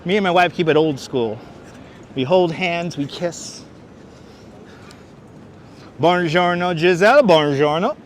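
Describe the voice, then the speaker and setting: A Brooklyn, New York man livestreams a walking tour on busy city streets, rambling in a chatty, unhurried way, answering chat questions aloud and tossing in jokey asides. His voice is a bit high-pitched. He wears a wireless clip-on mic with his phone on a gimbal, and there's slight background noise.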